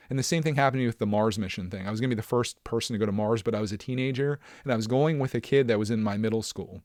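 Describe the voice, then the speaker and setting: A man's voice: lowish voice, a little mellow, no room sound, studio quality. A man hosting his own podcast alone, talking casually in a rambling way with lots of fillers and self-deprecating asides. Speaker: podcast host. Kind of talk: casual solo podcast chat.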